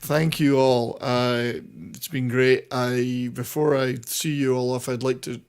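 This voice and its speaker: A man hosts a relaxed panel stream, chatty and full of jokes. His voice sits mid-range with a gravelly rasp running through it. He rambles cheerfully between thoughts. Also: mid-range voice, measured pace. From Scotland. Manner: jokey, rambling, warm sign-off thanks. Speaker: host. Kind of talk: casual panel chat on a live stream.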